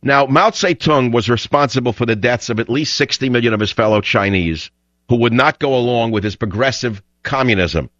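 An older man hosting a political talk radio show, ranting combatively and rising to shouts. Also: medium pitch, fairly quick, dry recording. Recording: dull lo-fi broadcast sound.

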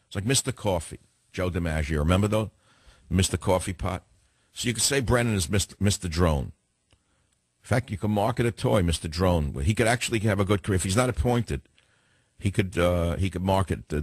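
A man with a New York accent hosting a talk radio show, delivering a fast, combative opinion monologue with lots of repetition. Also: deep voice, slightly rough, dry recording.

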